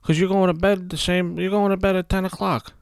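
A man putting on a mocking night-owl partier who taunts early risers in a high sing-song voice. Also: little pitch movement, fairly quick, smooth, no room sound.

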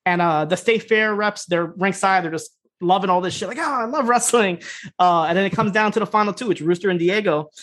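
A man's voice: high-pitched, fairly quick, hardly any pauses, fairly bright tone. A man co-hosting a podcast, recapping episodes in a rambling, casual way, swearing freely and acting out the characters' lines. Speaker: podcast co-host.

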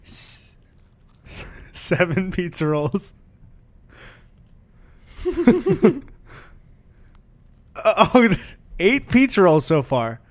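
Laughing young man with lively voice. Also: high-pitched, drawn-out words, pauses often. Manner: laughs often, gives playful play-by-play. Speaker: podcast co-host. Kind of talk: casual chat.

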